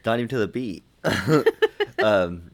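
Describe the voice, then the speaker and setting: A man co-hosting a casual film podcast, jokey and animated. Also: lowish voice, slow pace. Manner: animated, jokey, quotes lines. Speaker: podcast co-host.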